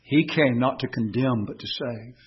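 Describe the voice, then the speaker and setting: A man preaching a sermon, swinging between raised, emphatic declarations and quiet, tender passages. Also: mid-range voice, moderate pace, husky, highs cut off. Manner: impassioned, swinging from raised, emphatic lines to quiet, soft reflection.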